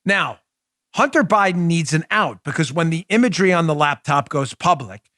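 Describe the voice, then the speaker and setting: A man's voice: a little high, animated, normal speed, pushed and bright, no room sound, clean studio sound. A man hosting a political talk show, delivering an indignant, mocking monologue. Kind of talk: opinionated monologue.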